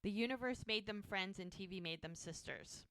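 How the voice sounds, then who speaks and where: A woman's voice: dry recording, clean studio sound. A woman co-hosting a podcast, recapping an episode in casual chat and acting out lines as she goes. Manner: animated recapping, acting out lines with quick shifts in pitch. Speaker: podcast co-host.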